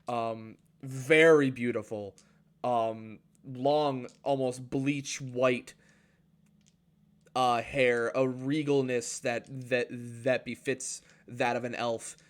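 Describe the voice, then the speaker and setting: A man narrating a tabletop game as game master, halting and filling his pauses with "uh" and "um". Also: medium pitch, steady tone. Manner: halting, full of fillers and restarts.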